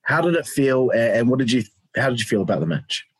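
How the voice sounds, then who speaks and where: A man's voice: mid-range voice, big pitch swings, fast, husky, dry recording, low-quality recording. A man hosting a casual interview, asking long questions with many fillers. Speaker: interviewer, podcast host.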